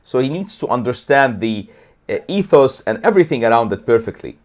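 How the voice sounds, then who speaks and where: A man co-hosting a casual livestream, talking in an animated, rambling way with many restarts, a throat lozenge in his mouth. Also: medium pitch, fairly quick. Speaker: co-host.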